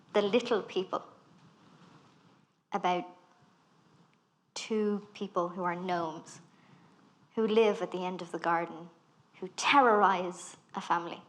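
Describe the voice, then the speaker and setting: A woman about thirty with an Irish accent, a guest speaker in a live onstage conversation, telling animated stories and acting out quoted lines. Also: lowish voice, unhurried. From Ireland. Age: 30s. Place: festival talk stage.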